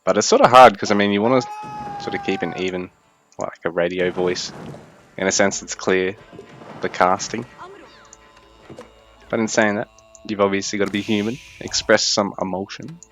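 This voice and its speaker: A young man giving casual, chatty game commentary, thinking aloud in a fairly even delivery. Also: fairly low pitch, moderate pace, pauses often, soft background music. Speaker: esports caster.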